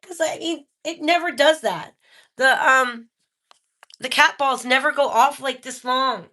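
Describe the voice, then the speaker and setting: A woman hosting a live-stream spirit box session, excitable and talking straight to her viewers. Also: high voice, measured pace.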